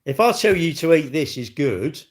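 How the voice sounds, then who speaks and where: Cheeky, blunt, and jokey, this middle-aged livestream host reads viewers' comments aloud, then answers them with casual banter. He speaks at a normal speed in a higher-pitched voice with big pitch swings.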